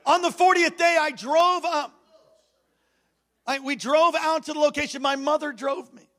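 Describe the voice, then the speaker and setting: A preacher with an unusually high, bright, ringing voice delivers a sermon to a church congregation. He builds to shouted, rousing exhortations, then drops into hushed, intimate storytelling, and he calls on the crowd to answer him back. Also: fairly even intonation, moderate pace. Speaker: pastor. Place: church service before a congregation.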